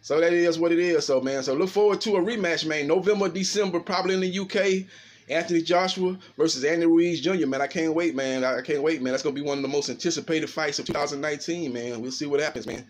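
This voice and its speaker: Fast-talking man breaking down a boxing fight. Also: fairly high pitch. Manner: fast, animated, filler-heavy talk with repeated "man". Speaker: boxing commentator. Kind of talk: casual boxing analysis.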